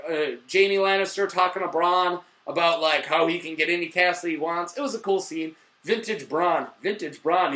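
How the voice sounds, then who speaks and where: Excitable high-voiced man ranting in a roomy space. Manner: excitable, profane, rambling with fillers and mock voices. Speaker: host, TV episode reviewer. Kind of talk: casual video review chat.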